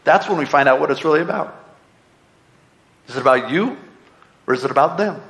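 A man's voice: a little high, lively intonation, fairly quick, gravelly, fairly bright tone, highs cut off. A middle-aged man preaching a sermon, earnest and conversational, full of repeated rhetorical questions. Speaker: pastor. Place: church sanctuary.

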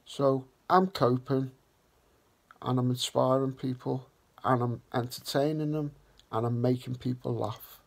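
A man hosting a vlog, talking slowly and earnestly in a reflective way. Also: mid-range voice, steady tone, vocal fry. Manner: slow, earnest and heartfelt. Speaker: vlog host.

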